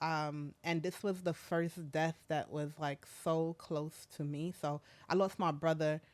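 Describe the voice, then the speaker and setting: Her voice sits low and her intonation stays fairly even as this school principal, a woman in her thirties, speaks gently and falteringly with frequent fillers during an emotional interview conversation.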